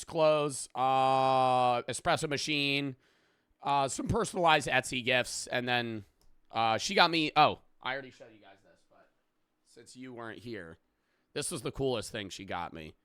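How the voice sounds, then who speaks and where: Bright, rambling male streamer. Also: mid-range voice, smooth, no echo, clean studio sound. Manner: rambling, profane, reads donations aloud. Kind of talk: casual live-stream chat.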